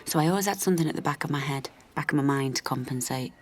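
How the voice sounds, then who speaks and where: An actress playing a worn-down, loving mother of an autistic boy, speaking in a halting, confessional way that often drops to a near whisper. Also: deep voice. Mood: reflective. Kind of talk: radio drama monologue.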